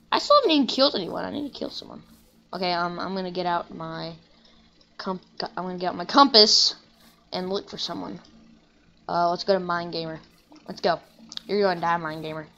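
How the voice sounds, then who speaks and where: A young woman giving rambling, casual commentary while playing a video game, breaking into excited shouts now and then. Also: on the low side, brisk, vocal fry, long pauses, a little hiss or hum. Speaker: gaming channel host.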